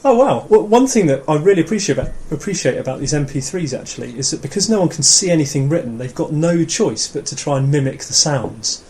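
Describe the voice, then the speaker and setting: A man teaching a relaxed pronunciation lesson, patiently encouraging learners and slowly repeating words for them. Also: a little high, slight background noise. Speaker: language teacher.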